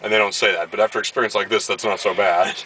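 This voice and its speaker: A man's voice: lowish voice, steady tone, fast talker, sharp tone, husky, rough recording. A man from Baltimore vlogging casually, telling a story and acting out what others said. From Baltimore, USA. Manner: storytelling, acts out quoted dialogue. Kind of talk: casual chat.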